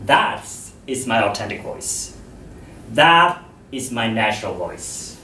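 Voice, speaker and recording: A man giving a public talk to an audience about voice, speaking in a slow, measured, expressive way. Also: lowish voice, a little hiss or hum. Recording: echoey hall, distant mic.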